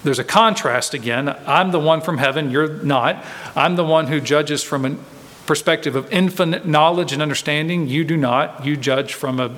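A man's voice: on the high side, normal speed, fairly bright tone. A man preaching an expository sermon in a church, earnest and emphatic, hammering home his key points by repeating them. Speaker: pastor. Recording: long hall reverb.

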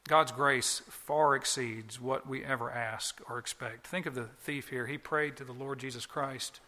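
Man, pastor, preaching, emphatic, forceful tone, long church reverb. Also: mid-range voice, steady tone, measured pace. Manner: earnest, emphatic preaching with repetitions. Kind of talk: sermon.

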